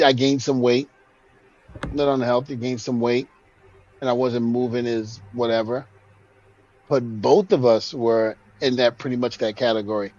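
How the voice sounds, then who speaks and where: A man co-hosting a podcast, telling a long story in a relaxed way and quietly acting out what others said. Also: medium pitch, dry recording, highs cut off. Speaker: podcast co-host, retired wrestler. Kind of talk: casual storytelling.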